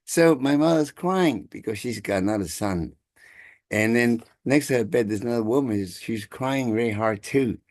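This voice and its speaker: A man, telling a family story over a video call in halting, chuckling speech. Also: mid-range voice, a little mellow, no room sound, clean studio sound. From Taiwan. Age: 60s. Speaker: congregation member sharing gratitude. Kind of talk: casual storytelling.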